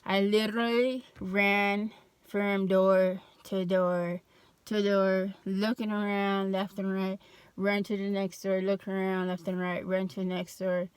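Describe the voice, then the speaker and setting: A woman's voice: medium pitch, clear, resonant tone, no room sound. A young adult woman telling a personal story in a casual vlog, loose and full of fillers and restarts. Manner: slow, even, flat delivery. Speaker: vlogger.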